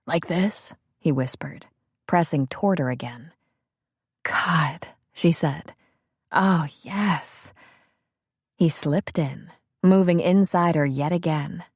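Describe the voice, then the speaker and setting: A woman narrating a romance novel in a soft, measured, intimate reading on a close studio mic. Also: deep voice, dry recording. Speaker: audiobook narrator.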